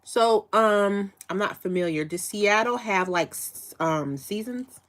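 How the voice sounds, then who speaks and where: A woman's voice: medium pitch, takes it slowly, fairly bright tone. A woman from Chicago hosting a casual live chat, asking rambling questions with frequent restarts and fillers. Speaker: livestream host.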